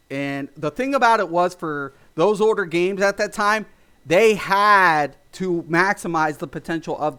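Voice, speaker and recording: Male streamer, high voice, heated profane rant, lots of false starts. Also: fairly bright tone, clear, resonant tone. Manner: heated, profane, rambling with restarts. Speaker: gaming streamer. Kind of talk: ranting livestream commentary.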